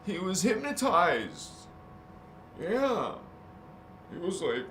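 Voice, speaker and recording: A man with a high, very animated voice speaks extremely slowly and pauses often. He hosts a spiritual video channel, joking casually with crude slang and laughing at his own jokes. The recording has a roomy echo and faint noise.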